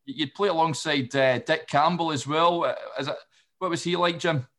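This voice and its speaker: A man's voice: fairly high pitch, moderate pace, fairly bright tone. A man hosting a casual interview, asking questions and offering short encouraging acknowledgements. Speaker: interviewer, host.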